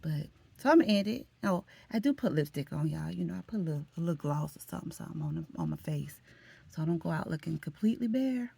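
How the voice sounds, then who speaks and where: Chatty woman with a gravelly voice. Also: low voice, very animated, fast, dark tone, no echo. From Florida. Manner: chatty and emotional, often says "honey" and "y'all". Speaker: vlogger. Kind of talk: casual chat to camera.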